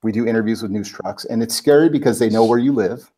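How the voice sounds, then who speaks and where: Man, show guest; casual, animated storyteller with a slightly low voice, says "like" a lot. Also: quick pace, breathy edge. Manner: animated, heavy on filler "like", acts out quotes. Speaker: guest, personal branding expert.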